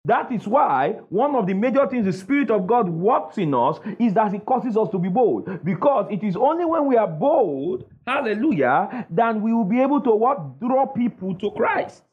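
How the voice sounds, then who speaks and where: Emphatic high-pitched preacher man. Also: big pitch swings, normal speed, hardly any pauses, breathy edge. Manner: emphatic call-and-response, asks the crowd "what?". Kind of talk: sermon. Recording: dull lo-fi sound.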